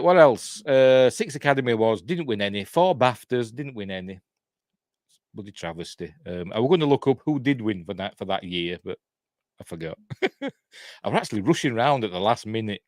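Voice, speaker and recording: A chatty Yorkshire man hosting a casual livestream from home. His voice sits low but swings around with lively pitch, and he rambles in a friendly, self-deprecating way. The sound is close and dry, with no room in it. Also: no room sound. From Yorkshire, England. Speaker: host.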